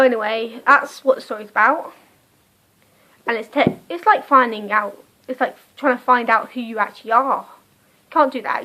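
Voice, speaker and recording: A woman's voice: fairly high pitch, a bit bright, low-quality recording. A young British woman with a British accent, chatting casually through a book review vlog recorded on a phone, rambling and cutting herself off. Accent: British English. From Britain. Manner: chatty, rambling, self-interrupting. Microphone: phone camera.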